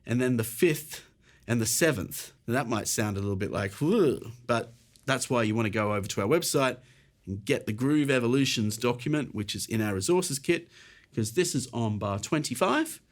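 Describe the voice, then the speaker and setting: A man's voice: mid-range voice, expressive, moderate pace. Encouraging British man teaching piano. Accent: British English. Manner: encouraging, talks while playing and counting aloud. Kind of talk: casual online piano lesson. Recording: faint piano music behind. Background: piano playing.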